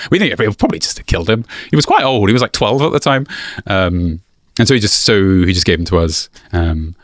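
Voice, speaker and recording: A man with a fairly low voice that swings widely in pitch, chatting as a podcast guest. He tells stories with plenty of laughter, animated and relaxed. The sound is close and dry. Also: fast talker, no room sound. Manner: laughs often, animated storytelling. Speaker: YouTuber guest. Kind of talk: casual interview chat.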